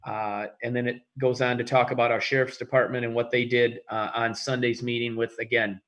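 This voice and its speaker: A man, a school teacher, giving halting, heartfelt remarks at a township meeting, often restarting and searching for words. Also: medium pitch, little pitch movement, a bit bright. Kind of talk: emotional public remarks at a meeting. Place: meeting room.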